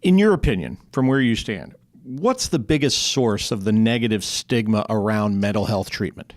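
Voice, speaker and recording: A man's voice: fairly low pitch, lively intonation, normal speed. A man hosting a podcast interview, talking conversationally with frequent restarts. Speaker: podcast host.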